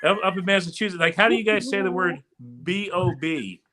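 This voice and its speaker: A man in a casual chat, telling stories in an animated way. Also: high voice, brisk, soft background music.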